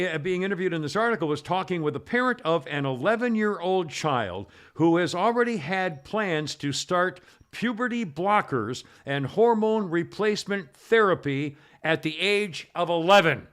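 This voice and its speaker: A man hosts a casual talk show, talking bluntly and laughing often. His voice is bright and forceful, pitched a little high for a man. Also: animated, normal speed, clean tone.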